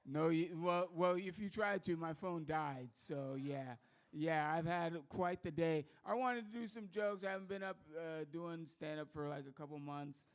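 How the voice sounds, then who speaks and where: A man's voice: a little high, normal speed, smooth. A man opening his stand-up set with loose, self-deprecating chatter. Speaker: stand-up comedian.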